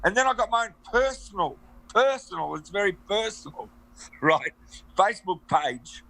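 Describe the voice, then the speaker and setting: Bright, chatty Australian man. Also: sits high, expressive, moderate pace, vocal fry, rough recording. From Melbourne, Australia. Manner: chatty, bossy, rambling. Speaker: interview guest. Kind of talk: casual chat.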